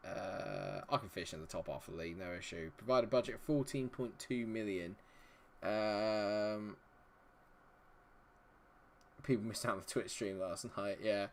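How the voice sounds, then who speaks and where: A man's voice: fairly low pitch, moderate pace, long pauses. Chatty man live-streaming a game. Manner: chatty, greets viewers, mutters while fiddling with settings. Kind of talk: live-stream commentary talking to chat.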